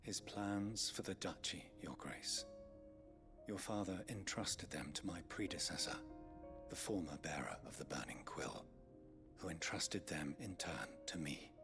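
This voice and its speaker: Deep courtly old-world aide, super formal and polite, game music under it. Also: male voice, animated, measured pace. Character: loyal, courtly older male scholar-aide. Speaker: game character. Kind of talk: video game voice acting.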